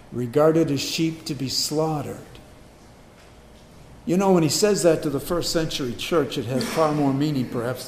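A man preaching a sermon, swinging from hushed asides to loud, emphatic questions. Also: medium pitch, echoey room, a little hiss or hum. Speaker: pastor.

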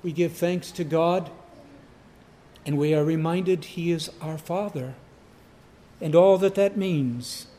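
A man delivers a sermon in a high-pitched voice, taking his time over every phrase. He repeats key words for emphasis and rises to sudden loud cries on the important lines. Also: slow, long pauses, slight background noise. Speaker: preacher.

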